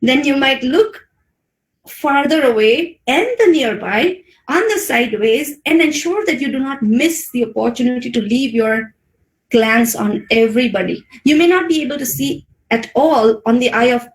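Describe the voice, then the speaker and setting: A woman with an Indian English accent giving a webinar talk on public speaking. She speaks expressively and shows voice modulation with big swings in pitch. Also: animated, moderate pace, reverberant, poor audio. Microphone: video call mic.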